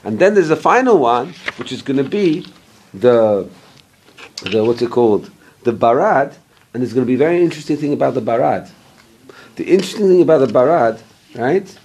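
There's slight background noise behind this Torah teacher's mid-range, expressive, somewhat mellow voice. In an informal Bible class he works through verse by verse, checks in with listeners, and sometimes pauses in search of an English word.

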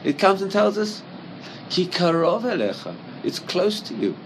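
Male Torah teacher, lively rise and fall, light room hum behind. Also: high voice, a little slow. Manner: animated, rhetorical questions, mixes Hebrew into English. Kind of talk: Torah class with Hebrew quotes.

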